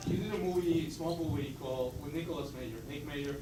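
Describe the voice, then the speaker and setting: A man's voice: on the high side, fast talker, mellow, slight background noise. A man in the audience asking a guest a polite, somewhat hesitant question. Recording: distant voice in an echoey room.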